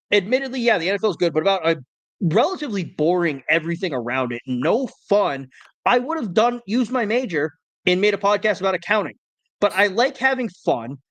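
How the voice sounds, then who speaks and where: A man's voice: high voice, very animated, fairly quick, a bit bright, no echo. A young man co-hosting a sports podcast, ranting in a worked-up way and stammering when heated. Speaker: podcast co-host. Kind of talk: casual sports podcast rant.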